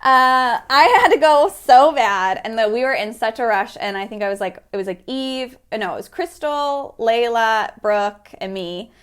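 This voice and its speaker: A woman in her thirties from the American South, a guest telling stories in a casual interview, animated and laughing often. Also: on the high side, moderate pace, few pauses, clear, resonant tone. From Florida, American South.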